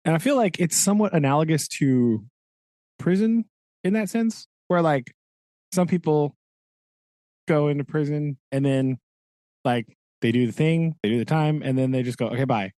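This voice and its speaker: A man's voice: a little high, lively intonation, normal speed, pauses often, warm tone, dry recording. A man co-hosting a casual book discussion, rambling along with lots of "like" and "right?" and laughing at his own asides. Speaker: podcast co-host.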